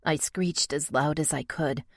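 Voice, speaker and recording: Brief: female romance audiobook narrator, low voice, expressive, dry close-mic studio read. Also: measured pace, no room sound.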